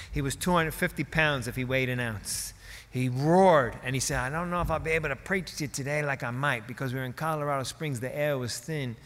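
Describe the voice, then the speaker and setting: A man's voice: medium pitch, fairly bright tone. Man preaching in a reverberant hall. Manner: conversational, folksy storytelling with asides. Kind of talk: sermon storytelling.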